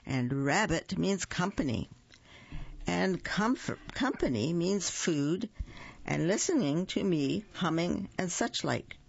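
A woman's voice: fairly low pitch, expressive, slow, vocal fry, slightly rough, highs cut off, heavily acted. A woman voicing a simple, cheerful, hungry male bear in a children's story, speaking earnestly and humming to himself. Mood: musing.

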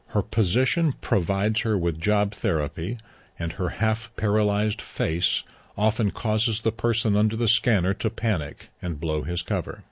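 A man reading a story aloud in a measured, even way. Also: deep voice, husky, no echo, lo-fi sound. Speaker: narrator. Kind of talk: scripted story narration.

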